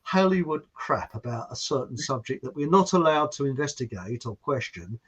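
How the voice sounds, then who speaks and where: A man's voice: medium pitch, lively intonation, moderate pace, few pauses, a bit bright, husky, dull audio. A man from England, hosting a podcast and telling a story in a rambling, jokey way full of asides. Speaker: podcast host. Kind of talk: casual storytelling chat.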